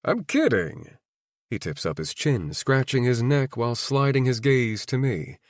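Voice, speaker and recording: A man's voice: medium pitch, lively intonation, moderate pace, dry recording, clean studio sound. A man narrating a romance audiobook in the first person, wry and introspective.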